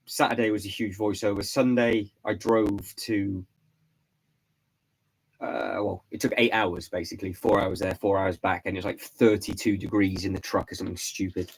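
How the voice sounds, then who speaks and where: Low-voiced streamer, hoarse and congested, loose rambling chat with viewers. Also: male voice, little pitch movement, moderate pace, rough recording. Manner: rambling, repeats words, reads out chat names. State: hoarse, losing his voice, congested from hay fever. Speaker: vlog host doing a live stream. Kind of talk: casual live-stream chat.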